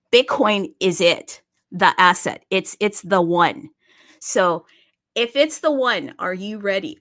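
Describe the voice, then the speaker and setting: A woman hosting a crypto livestream, talking in an energetic, chatty and openly salesy way as she promotes a wallet and marketplace. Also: medium pitch.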